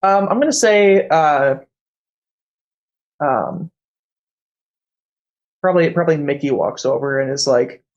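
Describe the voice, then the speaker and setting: Male game master; halting, filler-heavy narration. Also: fairly high pitch, muffled recording. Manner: hesitant, full of fillers.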